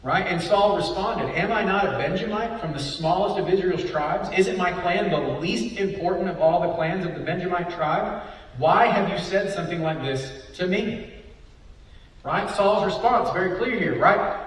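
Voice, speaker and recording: A man's voice: high voice, moderate pace. A man preaching a Bible study sermon, often asking rhetorical questions and adding "right?". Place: church hall. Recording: echoey hall, voice from far off.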